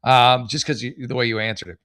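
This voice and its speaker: A man's voice: mid-range voice, steady tone, brisk, a bit bright. A man in his forties hosting a comedy advice show, reading posts aloud and reacting with sarcastic, rambling, exasperated commentary. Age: 40s.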